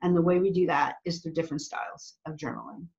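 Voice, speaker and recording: A woman's voice: low-pitched, fast talker, darkish tone. A woman guest on a podcast giving earnest, preacherly advice, stressing her points by repeating phrases. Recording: slightly dull lo-fi audio.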